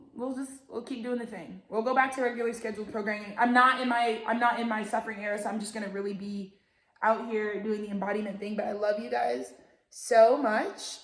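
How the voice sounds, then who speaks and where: A young Texan woman hosts a show and gives a tarot reading, chatting casually and swearing, with lots of fillers as she scolds a dog. Her voice is a little high, and the recording sounds roomy.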